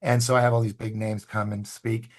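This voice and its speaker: A man's voice: on the low side, brisk. A man, a filmmaker guest, telling stories in a casual interview and acting out the voices of the people he quotes. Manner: animated, acts out quoted dialogue.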